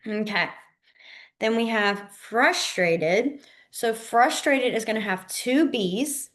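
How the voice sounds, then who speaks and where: A woman teaching a beginner sign language class in a casual, chatty way, often saying "like" and "um" and repeating words slowly as she demonstrates. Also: on the high side, fairly bright tone. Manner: frequent fillers like "like" and "um". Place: library classroom.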